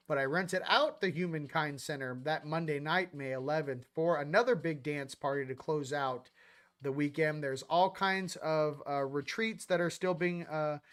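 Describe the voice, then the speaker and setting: Male live-stream host, slightly high voice, loose, upbeat, rambling chat with shout-outs.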